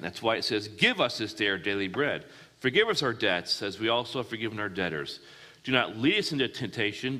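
In a hall with lengthy reverb, a pastor preaches in a medium-pitched, bright, pushed voice. Throughout the sermon he keeps asking questions of his listeners and answering them on his own.

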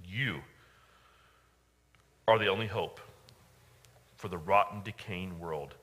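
A male pastor preaching a sermon, emphatic, with dramatic pauses and repeated phrases. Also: deep voice, sharp tone. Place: church.

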